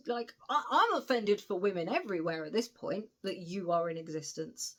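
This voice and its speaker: A British woman chats through the whole plot of a book, animated and cheeky, with frank asides and the occasional swear word. Her voice sits at an ordinary middle pitch for a woman. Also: moderate pace, few pauses, husky. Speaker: book reviewer. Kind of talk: casual spoiler recap of a novel.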